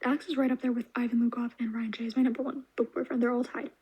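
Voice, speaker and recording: Fast-talking, high-voiced young woman reviewer. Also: husky, dull audio. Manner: gushing and animated, drops into soft asides. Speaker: book reviewer. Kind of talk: casual reading wrap-up vlog.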